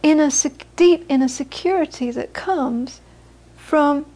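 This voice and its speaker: This informal dharma talk comes from a woman who sounds middle-aged, with a light, high voice and a measured pace. Relaxed and chatty, she shares anecdotes, often beginning sentences again and repeating words.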